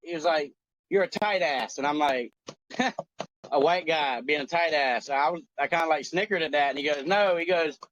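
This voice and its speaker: A man in his forties on a talk show, telling a story in an animated, profane, joking way. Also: fairly high pitch, moderate pace, no echo, lo-fi sound. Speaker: co-host. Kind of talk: casual chat.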